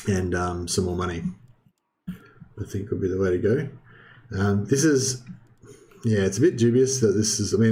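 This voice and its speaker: A young man with a deep, low voice talks through his strategy game as he plays. His delivery is relaxed and meandering, full of filler ums, restarts and the odd throat clearing. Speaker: gaming video host. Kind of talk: casual let's-play commentary.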